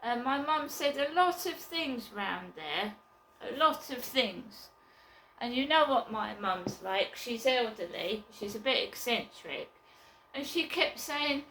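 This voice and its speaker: A woman vlogging from her flat, chatting casually and bluntly in a rambling way, with occasional swearing. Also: a little high, measured pace, roomy sound, a little hiss or hum, poor audio. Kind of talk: casual chat to camera.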